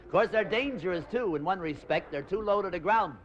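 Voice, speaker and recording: A man's voice: sits high, expressive, a little fast, muffled recording. A man telling bawdy stand-up jokes with punchy timing. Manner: punchy joke delivery with accented punchlines. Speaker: stand-up comedian.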